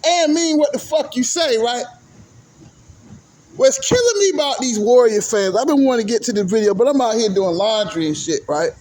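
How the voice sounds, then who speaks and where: High-voiced man ranting casually. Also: moderate pace. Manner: profane, animated, repeats "right?". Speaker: vlogger, sports commentator. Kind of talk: casual ranting sports talk. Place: sitting at home doing laundry.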